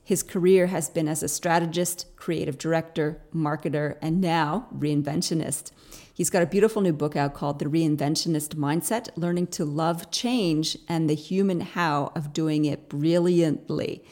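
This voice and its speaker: A woman's voice: low voice, moderate pace, a little mellow. A woman from Canada, hosting a podcast interview in an enthusiastic, upbeat way. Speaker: podcast host.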